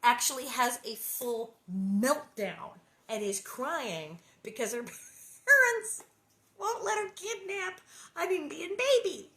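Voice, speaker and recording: A woman's voice: sits high, big pitch swings, unhurried, pushed and bright. A woman in her sixties reading a children's book aloud and breaking off for wry, laughing asides. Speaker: reader and host. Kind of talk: storybook reading with chatty asides. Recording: roomy echo.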